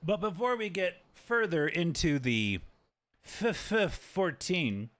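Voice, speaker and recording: A man giving casual live-stream commentary while he plays a video game. His voice sits a little high and swings up and down with plenty of life. He jokes around and lets out sudden yelps and the odd curse. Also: slow. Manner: animated and joking, with sudden yelps and swearing.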